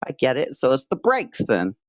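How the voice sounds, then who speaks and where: A man's voice: medium pitch, wildly swooping pitch, moderate pace, no room sound. A man putting on the voice of a whiny, hurt guy who is being dumped, pleading in a mock-wounded way. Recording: dull lo-fi dry sound.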